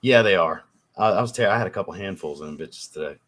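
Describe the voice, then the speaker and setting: A man's voice: deep voice, lively intonation, fast talker, a bit bright. A man hosting a fragrance livestream, chatting casually with viewers and reading their comments, loose and profane, getting over a cold. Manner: loose and profane, swears often.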